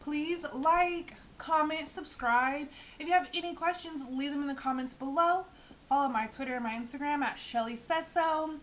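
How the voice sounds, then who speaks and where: A woman's voice: high-pitched, normal speed, highs cut off, a little hiss or hum. A young woman casually talking through a snack she made for her cooking vlog, using plenty of slang and tasting as she goes. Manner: chatty, slangy, tasting food while talking. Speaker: cooking vlogger.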